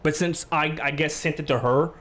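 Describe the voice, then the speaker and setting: A man ranting on a casual podcast, telling a story, swearing freely and getting loud when angry. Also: on the high side, fairly even intonation, moderate pace. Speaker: podcast host.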